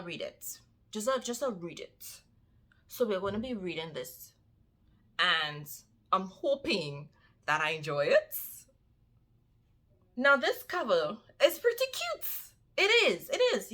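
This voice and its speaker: A woman vlogger chats casually to her viewers at an unhurried, lingering pace. Her voice is bright and forceful, and she stresses points by repeating phrases. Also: on the high side. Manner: animated, repeats phrases for emphasis, addresses viewers as y'all. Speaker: book vlogger. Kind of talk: casual chat to camera.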